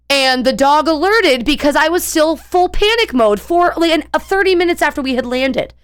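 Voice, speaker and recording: A woman's voice: high voice, animated, moderate pace. A young woman streamer telling a long story in a casual, rambling way, full of fillers and restarts.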